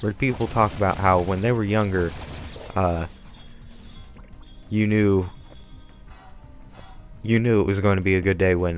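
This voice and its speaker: Low-voiced, rambling young gamer. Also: male voice. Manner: rambling, self-deprecating. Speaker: gameplay commentator. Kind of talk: casual let's-play commentary. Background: faint game music.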